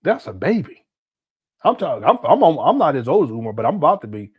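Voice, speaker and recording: Forties male host, high and lively voice, mocking reaction commentary. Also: fast, slightly rough, phone-quality sound. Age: 40s. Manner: animated, laughing, mocking.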